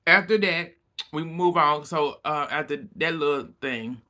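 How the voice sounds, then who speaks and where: A man giving a casual recap of a reality TV episode, acting out what people said with lots of laughter and sudden loud outbursts. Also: fairly high pitch, unhurried. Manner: animated storytelling, acting out quotes, frequent laughter and outbursts.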